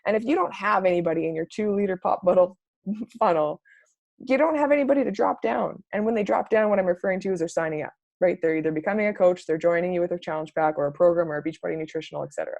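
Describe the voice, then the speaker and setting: A young adult woman giving a casual, upbeat coaching talk, chatty and full of "like", acting out sample messages in a brighter voice. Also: on the low side, lively intonation, quick pace, vocal fry, dry recording, muffled recording. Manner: peppered with "like" and mild swearing. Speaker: network marketing coach. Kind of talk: casual live training talk.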